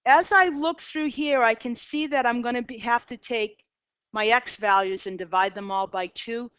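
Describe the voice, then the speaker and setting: A woman's voice: on the high side, moderate pace, fairly bright tone, clear, resonant tone, no room sound. A middle-aged woman with a Boston accent teaching a math class, talking herself through graph sketches in an upbeat way. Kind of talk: classroom lecture. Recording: dull lo-fi, dry.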